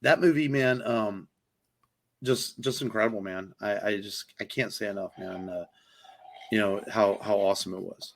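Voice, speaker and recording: A man with a lowish voice co-hosts a podcast, talking films casually at a moderate pace. He's enthusiastic and rambling, with plenty of fillers and an occasional curse.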